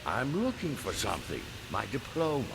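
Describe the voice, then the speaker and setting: A man's voice: mid-range voice, huge pitch swings, moderate pace, vocal fry, noisy background. An actor playing a cantankerous, pompous old man who scolds and sneers in game dialogue. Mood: irritated scolding. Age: older. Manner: indignant, scolding, sarcastic. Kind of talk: video game character dialogue.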